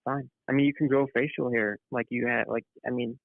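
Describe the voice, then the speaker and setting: A male caller talks quickly in a friendly, slightly hesitant way. His gravelly voice comes through a tinny, dry phone line. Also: medium pitch, steady tone, dry recording.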